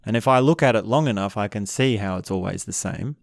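A man calmly teaching about relationships in an unhurried, reflective way, sometimes acting out what couples say. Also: on the low side, creaky, dry recording, studio quality. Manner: calm, unhurried, acts out quoted couples.

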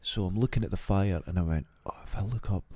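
A Scottish man with a low voice spins a long, animated anecdote on a podcast. He slips into the voices of the people in his story as he goes. The sound is close and dry. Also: quick pace, dry recording. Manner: animated anecdote teller who acts out quoted voices. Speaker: podcast co-host. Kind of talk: casual storytelling chat.

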